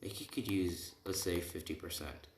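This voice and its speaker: Deep-voiced man rambling through a story. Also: moderate pace. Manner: rambling, full of "right?" and "like". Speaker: storyteller of an anime fan scenario. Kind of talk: improvised casual storytelling. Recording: roomy, noisy home recording with typing.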